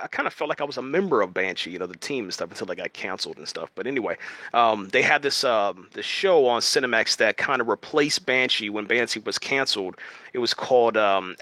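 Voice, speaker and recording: A man's voice: mid-range voice, sharp tone, no room sound. A man giving casual, rambling commentary on a TV series, full of fillers and restarts, tagging sentences with "man". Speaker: video host reviewing a TV series. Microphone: home streaming setup.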